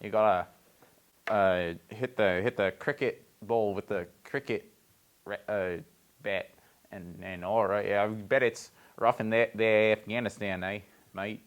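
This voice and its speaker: A man's voice: lowish voice, steady tone, measured pace, pitched below the performer's own voice, lightly acted. A man voicing a laid-back New Zealand bloke in a put-on New Zealand accent, drawling and easygoing.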